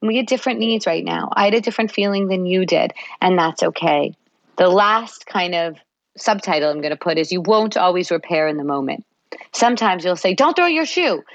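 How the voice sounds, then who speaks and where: Speaking at a fairly low pitch, this female psychologist guest on a podcast interview gives long, warm explanations and plays out little parent-child dialogues. The audio is dry and muffled.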